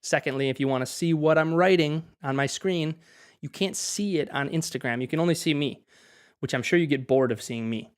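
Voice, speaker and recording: A man's voice: a little high, fairly quick, clean tone. A young man from Wisconsin, teaching English in a chatty livestream, greeting viewers by name as he answers their questions. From Wisconsin, USA. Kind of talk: livestream language lesson.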